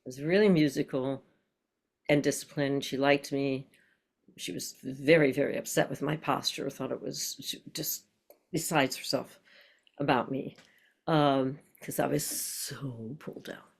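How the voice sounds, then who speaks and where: Older woman with a low voice teaching voice class. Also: fairly even intonation, unhurried, vocal fry, slightly rough. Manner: demonstrates with tongue-twisters and nonsense syllables, reflective. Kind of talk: online class lecture.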